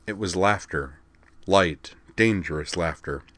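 A man narrating a sci-fi audiobook in an even, measured reading. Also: sits low, no echo.

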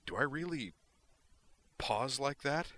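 A man voicing a confident male starship captain who speaks in a direct, animated way. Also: mid-range voice, takes it slowly, pitched above the performer's own voice. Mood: lively.

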